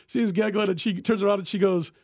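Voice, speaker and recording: A man hosting a casual sports-betting podcast, an animated storyteller who laughs often. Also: sits high, quick pace, no echo, clean studio sound. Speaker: podcast host and sports handicapper.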